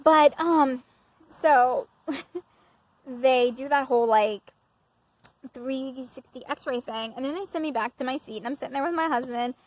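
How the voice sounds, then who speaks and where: Woman vlogger, high voice, chatty self-mocking storyteller, recorded outdoors. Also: rough recording. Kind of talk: casual storytelling.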